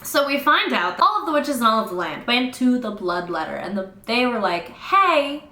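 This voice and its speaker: A young woman casually recapping a novel with sarcastic, fast-talking, swear-heavy humor. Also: on the high side, lively intonation, pushed and bright. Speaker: book reviewer. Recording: roomy echo.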